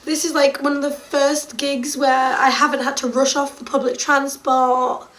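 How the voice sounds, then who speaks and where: A young woman with a high, light voice tells a story for her vlog. She gushes excitedly and fills her sentences with likes and ums. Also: normal speed, distant mic. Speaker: music fan vlogger.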